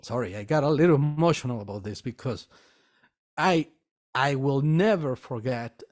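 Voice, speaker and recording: A metaphysical store owner who also teaches meditation shares a personal story, earnest and halting, repeating words along the way. His medium-pitched voice is a little mellow, with lively intonation.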